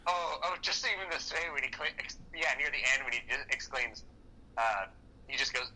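A man co-hosting a casual movie-review podcast, excitable and profane, often acting out lines from the film. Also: medium pitch, moderate pace, husky, poor audio. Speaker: podcast co-host.

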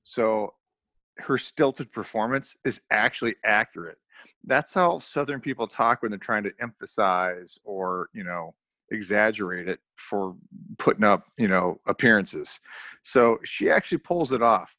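A man with a fairly low voice argues his picks in a casual movie chat and backs them up with asides. His sound is dry and close, with no room echo. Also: measured pace, sharp tone. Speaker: podcast co-host.

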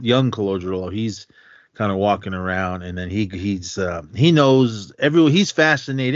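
A man's voice: lowish voice, no room sound, highs cut off. A man from Oakland, California, co-hosting a podcast and chatting casually and enthusiastically about a film. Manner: rambling, enthusiastic, laughs often. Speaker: podcast co-host. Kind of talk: casual movie review chat.

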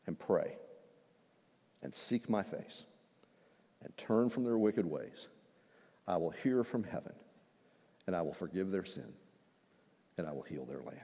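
A man preaching a sermon as pastor, in a lively, conversational way with touches of humor. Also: deep voice. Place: church sanctuary. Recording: long reverb in a large hall.

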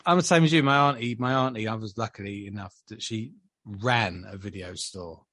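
A man's voice: on the low side, moderate pace, a bit bright, dry recording, studio quality. A man reminiscing enthusiastically in a casual chat, often ending on tag questions.

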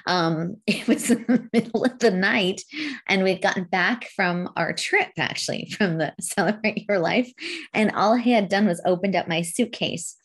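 A middle-aged woman telling a story in casual chat, giggly and expressive, laughing through her lines. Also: medium pitch, normal speed, slightly rough.

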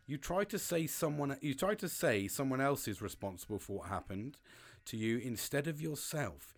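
A man's voice: medium pitch, expressive, moderate pace, fairly bright tone. A British man talking in a frank, rambling casual monologue, swearing freely as a podcast host.

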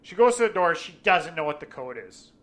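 Bright-voiced, swearing storyteller man. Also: fairly high pitch, brisk. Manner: swears constantly, animated retelling with acted quotes. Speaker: storyteller in a chat. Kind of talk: casual chat.

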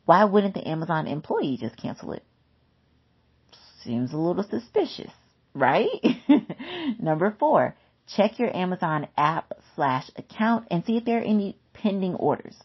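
A woman's voice: on the low side, very animated, a little slow, breathy edge, lo-fi sound. A woman giving an instructional talk about scams, emphatic and chatty, repeating key points. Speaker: consumer safety educator.

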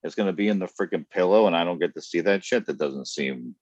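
A man's voice: low voice, quick pace, darkish tone, dry recording, highs cut off. A man telling blunt, profane stories with frequent laughs in a casual podcast chat. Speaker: podcast guest.

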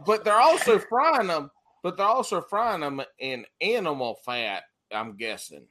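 Profane joking guy, bright sharp voice, a bit high, podcast co-host. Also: lively intonation, measured pace, a little hiss or hum. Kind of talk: casual chat.

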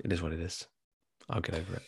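A very deep-voiced man whose voice is nasal from illness. He talks in a resigned, easygoing way with casual swearing. The sound is close and dry. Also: level tone, fast talker, vocal fry, breathy edge, dry recording. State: ill with a cold-like virus. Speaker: podcast co-host. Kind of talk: casual chat.

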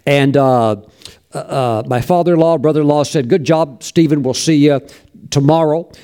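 A man's voice: a little high, moderate pace, dark tone. A middle-aged male preacher telling a personal story in a folksy sermon, with many fillers.

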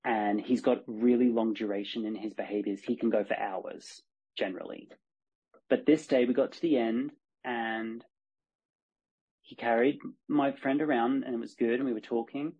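Animated man telling stories, husky voice. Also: medium pitch, moderate pace. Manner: animated storyteller, acts out dialogue. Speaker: horsemanship coach, guest. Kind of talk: podcast conversation. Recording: dull lo-fi podcast sound.

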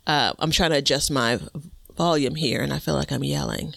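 A man co-hosting a relaxed gardening talk show from home on a computer mic, easygoing and self-deprecating, with lots of fillers. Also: fairly high pitch, moderate pace, creaky, dry recording. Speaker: podcast co-host. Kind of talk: casual gardening chat.

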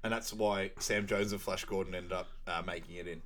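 A man's voice: sits low, fairly even intonation, fairly quick, fairly bright tone, slight background noise. A man co-hosting a casual podcast, retelling film scenes loosely with frequent "like" and laughter. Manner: loose, giggly, leans on "like". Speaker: podcast co-host.

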